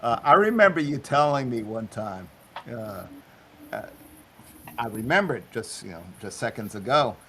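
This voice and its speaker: A man's voice: mid-range voice, animated, moderate pace, a bit bright. Hesitant male interviewer, faint hiss. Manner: hesitant, many fillers and false starts. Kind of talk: casual interview.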